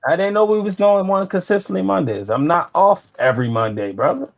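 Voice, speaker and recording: A man's voice: high-pitched, brisk, gravelly. A man co-hosting a podcast who talks over others and stammers when riled, in a casual sports debate. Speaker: podcast co-host. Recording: dull lo-fi audio.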